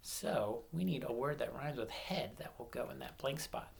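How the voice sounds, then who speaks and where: A man teaching an online lesson to young children, slow and deliberate, playful and animated, stretching out his words. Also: medium pitch, gravelly, husky. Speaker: primary school teacher.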